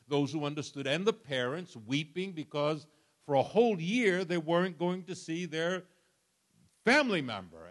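An older man preaching a sermon, telling stories with humor and sudden jumps in volume. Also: high voice. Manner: animated, storytelling with humor and sudden shifts of volume.

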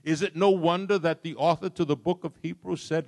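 A middle-aged man preaching a sermon, swinging from soft, low lines to loud, impassioned ones. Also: moderate pace, creaky. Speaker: pastor.

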